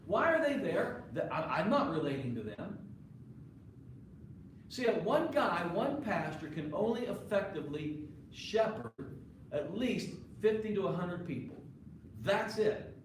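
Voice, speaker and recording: A man's voice: sits high, very animated, measured pace, a little hiss or hum. A male pastor preaching a sermon to his congregation in a conversational way, often putting questions to the listeners. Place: church sanctuary. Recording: echoey live church recording from far off.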